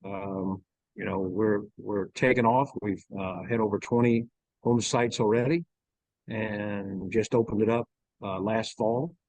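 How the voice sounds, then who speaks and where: Slow-talking Louisiana man, low dry voice. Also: steady tone, a little mellow, dry recording, low-quality recording. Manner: slow, halting, with many fillers. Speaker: golf ranch owner. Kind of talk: casual interview talk.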